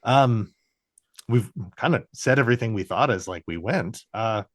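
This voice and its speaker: A man's voice: mid-range voice, expressive, normal speed, no echo. A man co-hosting a podcast, chatting casually and rambling with plenty of ums and restarts. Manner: rambling, stumbling with fillers. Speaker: podcast co-host. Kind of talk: casual chat.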